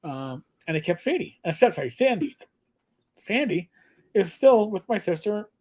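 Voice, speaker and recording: A man co-hosting a casual livestream chat, an animated storyteller who often restarts his sentences and reads viewer comments aloud. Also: sits high, moderate pace. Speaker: livestream co-host.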